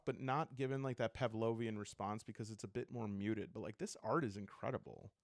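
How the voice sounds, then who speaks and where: A man's voice: fairly low pitch, steady tone, brisk, hardly any pauses, no echo, studio quality. A man casually flipping through and reviewing a tabletop game book, rambling and thinking aloud with enthusiasm.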